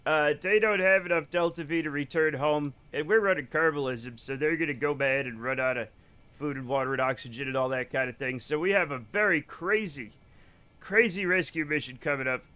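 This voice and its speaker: Guy streaming a game live, high bright voice, gets loud and hyped greeting chat. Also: a little fast, clear, resonant tone. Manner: excitable, loud bursts greeting viewers.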